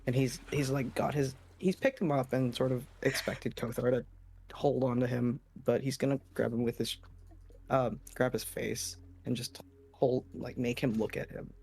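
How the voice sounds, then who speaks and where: A man with a gravelly voice narrates his character at a gaming table, hesitant and gentle. Faint background noise sits under him. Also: medium pitch, steady tone, moderate pace. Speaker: player. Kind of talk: casual tabletop play.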